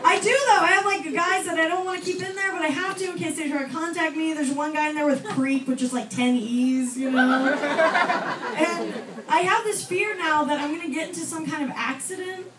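High-voiced woman doing stand-up in a club. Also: very noisy. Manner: self-deprecating, chatty, with fillers and quick asides to the crowd. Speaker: stand-up comedian. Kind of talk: stand-up set. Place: comedy club stage. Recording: roomy club audio from far off, with loud crowd laughter.

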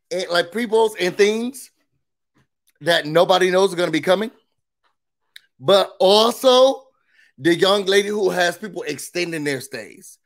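A man with a somewhat high voice hosts a casual reality TV recap, speaking emphatically and dropping in blunt, opinionated asides.

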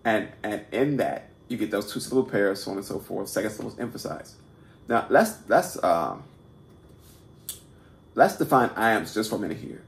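Guy with a gravelly voice running a loose poetry class, stumbles and repeats himself a lot, echoey room. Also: fairly low pitch, expressive. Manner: halting, many repeated words and restarts, keeps asking "right?"; self-deprecating and informal. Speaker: poetry teacher and host. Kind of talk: casual unscripted video lesson.

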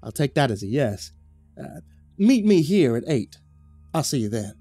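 A man playing a pious, flattering southern gentleman with a thick put-on drawl, sounding earnest. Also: medium pitch, moderate pace, breathy edge, no echo, soft background music, voice pushed up. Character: smooth-talking fake southern preacher-type gentleman.

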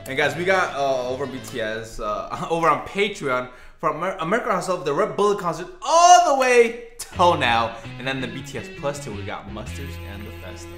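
A playful man co-hosting a reaction video, with a high, bright voice that swings widely. The room sounds roomy and echoing, with faint music behind. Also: sing-song, a little fast, few pauses. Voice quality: playful, laughing. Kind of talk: casual reaction chat.

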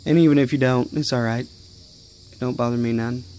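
A man's voice: mid-range voice, steady tone, moderate pace, darkish tone. A young man rambling and swearing casually in a vlog, talking outdoors in his yard. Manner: rambling, profane, easily irritated. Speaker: vlogger.

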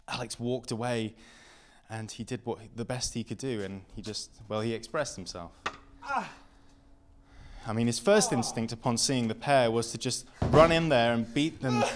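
A young man doing a stand-up comedy set as a story, camp and self-mocking, at times sinking into hushed deadpan narration. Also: medium pitch, noisy background.

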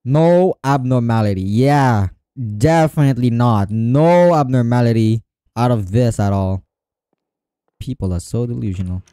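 A man's voice: mid-range voice, unhurried, dark tone, clean tone, no room sound, studio quality. A man giving let's play commentary on a horror game, talking to himself and repeating phrases when he gets nervous. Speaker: gamer playing a horror game.

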